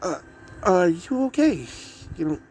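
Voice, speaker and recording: A man's voice: high voice, big pitch swings, unhurried, darkish tone, slightly rough, voice pushed up, full character voice. A man putting on a polite, curious teen girl. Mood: concerned. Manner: polite, inquisitive. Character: polite concerned teenage girl.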